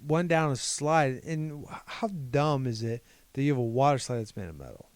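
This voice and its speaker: A man's voice: mid-range voice, expressive, normal speed, dry recording. A young man from Ohio co-hosting a podcast, telling a long personal story in a rambling way and quoting what other people said. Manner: rambling, retells events by quoting people's words. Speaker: podcast co-host. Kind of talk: casual chat, personal storytelling.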